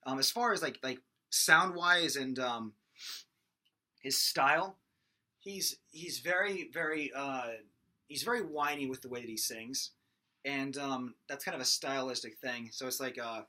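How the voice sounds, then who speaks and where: A man's voice: mid-range voice, a little slow, pushed and bright. A young man giving a casual, rambling singing lesson, full of fillers and restarts. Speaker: singing teacher. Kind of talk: casual vocal lesson with sung demonstrations.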